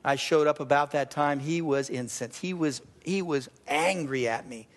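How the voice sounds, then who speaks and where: Middle-aged male pastor, storytelling sermon, shifts loud to hushed, reverberant hall. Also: fairly high pitch, normal speed.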